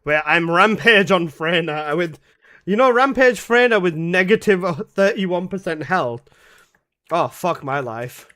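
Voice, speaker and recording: A young man with a fairly high voice, talking through a live game stream. He rambles and swears, and drops dry sarcasm while he plays and chats with his teammates. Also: expressive, unhurried, pushed and bright. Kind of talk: casual live-stream commentary while playing.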